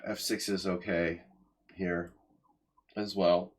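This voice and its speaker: A man's voice: sits low, little pitch movement, slow pace, slightly rough. A man in his forties giving sardonic, chatty commentary while he plays chess on a live stream and talks to his chat.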